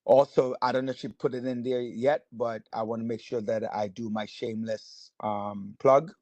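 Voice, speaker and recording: A man's voice: mid-range voice, steady tone, normal speed, a little mellow, no room sound, dull audio. A man chairing a community board, talking casually on a video call, hesitant with many fillers and good-humored. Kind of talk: casual meeting remarks. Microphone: video call mic.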